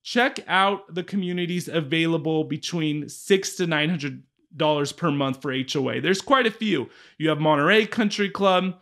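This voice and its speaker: A man with a slightly high voice explains a home search in a relaxed, chatty way. He is a real estate agent who keeps checking in with the listener as he goes. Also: normal speed. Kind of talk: casual explanatory walkthrough.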